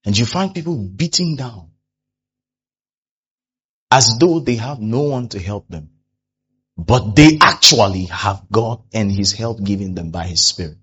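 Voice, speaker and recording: A pastor preaching a sermon, animated, who often acts out the people he quotes. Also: lowish voice, unhurried, pauses often, husky, muffled recording.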